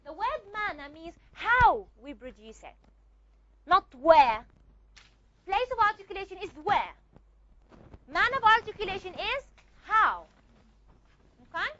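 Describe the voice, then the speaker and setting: A woman's voice: very high-pitched, very animated, unhurried, pauses often, sharp tone, muffled recording. A woman lecturing a class on phonetics, repeating her points and checking that students follow with frequent questions. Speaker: phonetics teacher.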